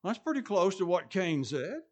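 A man preaching a sermon, stressing points loudly, then dropping to quiet asides, and often repeating his phrases. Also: high voice, sing-song, moderate pace.

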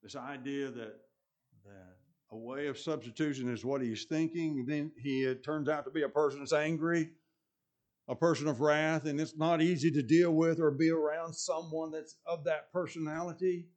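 A man preaching a sermon, stressing points loudly, then dropping to quiet asides, and often repeating his phrases. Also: a little high, fairly even intonation, moderate pace.

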